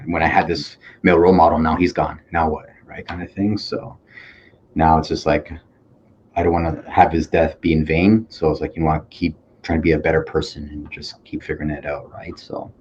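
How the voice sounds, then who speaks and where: Deep-voiced man, earnest and reflective. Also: flat delivery, a little mellow, lo-fi sound, a little hiss or hum. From Toronto, Canada. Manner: earnest, reflective, halting with fillers. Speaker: podcast guest, police officer and army veteran. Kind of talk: candid conversational interview.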